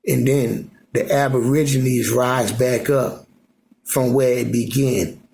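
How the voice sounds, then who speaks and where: A man with a gravelly, creaky voice rambles into his phone camera from home. His talk is loose and repetitive, full of filler phrases and restarts, at a middling pitch. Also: steady tone, slow, a little mellow. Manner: loose, repetitive, full of "you know what I'm saying". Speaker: vlogger. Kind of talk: rambling casual monologue. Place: at home in Alaska.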